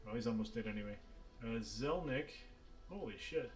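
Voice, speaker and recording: A man's voice: medium pitch, expressive, normal speed, very noisy. A man running a tabletop game as game master, easygoing, laughing often as he explains the rules.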